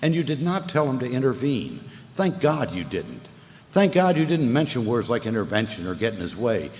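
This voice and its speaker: A man's voice: medium pitch, big pitch swings, normal speed, a little mellow. A man giving a personal testimony talk at a recovery meeting, telling his story with earnest feeling and casual Southern speech that swells and sinks. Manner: casual Southern speech, 'ain't' and 'wasn't no'. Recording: reverberant hall, faint ambient noise.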